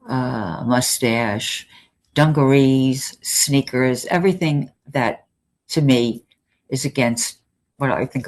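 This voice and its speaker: An older woman, an interview guest, telling stories animatedly and acting out the dialogue with frequent restarts. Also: very deep voice. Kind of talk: storytelling in conversation.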